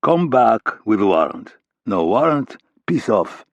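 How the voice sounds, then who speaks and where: A man's voice: lowish voice, sing-song, takes it slowly, no room sound, lo-fi sound, full character voice. A man voicing a hulking, surly Russian bouncer who speaks blunt, broken English with a thick Russian accent. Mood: curt, defiant. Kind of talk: audiobook character reading.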